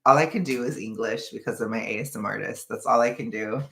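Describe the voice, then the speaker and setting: A young adult vlogger rambles through casual chat, cracking jokes and laughing often. The voice sits at a middling pitch with a gravelly, creaky texture. The recording has a noticeable room echo. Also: fast talker, fairly bright tone. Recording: echoey room.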